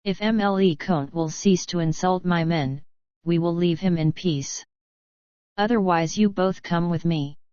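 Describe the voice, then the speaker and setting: A curt young army captain speaks with cold deliberation, read by a woman in her own lowish, smooth voice. The delivery is dry and clipped. The recording sounds dull and close, with no room around it. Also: unhurried, darkish tone, dry recording, lightly acted. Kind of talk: audiobook narration.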